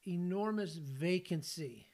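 A man's voice: high voice, takes it slowly, a little mellow. A man in his sixties from California hosts a faith podcast, telling personal stories in an earnest, folksy way. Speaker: podcast host and ministry leader.

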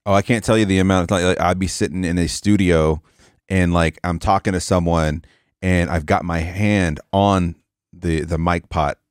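A man with a very deep voice recorded close and dry, with no room sound at all. He co-hosts a loose, profane chat and jumps into quoted asides as he tells radio stories. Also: fairly even intonation, moderate pace, clear, resonant tone, no room sound. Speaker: podcast co-host, former radio host. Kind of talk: casual chat.

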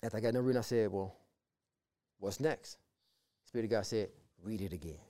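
Animated storytelling man, mellow voice. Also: fairly low pitch, fairly quick, clean tone. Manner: lively, repeats words, acts out quoted voices. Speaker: guest sharing his testimony.

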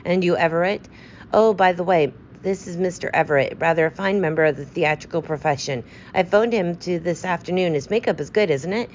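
A woman voicing a fussy, precise male detective with a brisk, self-assured way of talking. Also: lowish voice, darkish tone, dull audio, slight background noise, natural voice.

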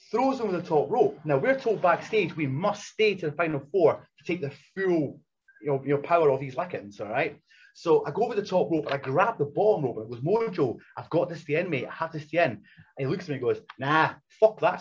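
A man with a slightly raised pitch tells profane, animated stories in a casual way. The recording is dull and lo-fi, with a faint hiss running underneath. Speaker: former wrestler. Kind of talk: casual storytelling. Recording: dull lo-fi sound with faint noise.

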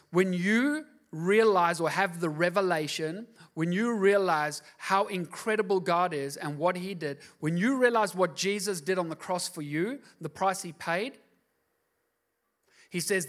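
A man's voice: sits high, a little slow, fairly bright tone. A middle-aged man preaching a sermon as pastor, passionate and building to emphatic outbursts.

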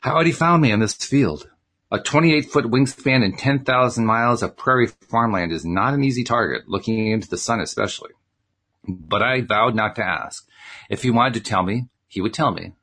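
A man's voice: mid-range voice, normal speed, fairly bright tone, breathy edge. A man casually reading a novel aloud, breaking in with chatty, joking asides. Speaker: audiobook reader.

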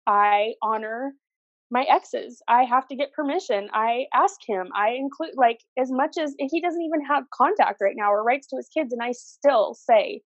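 Earnest woman, slightly high voice. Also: measured pace, no echo, muffled recording. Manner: earnest, emphatic, repeats phrases for stress. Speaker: podcast guest. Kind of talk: personal storytelling interview.

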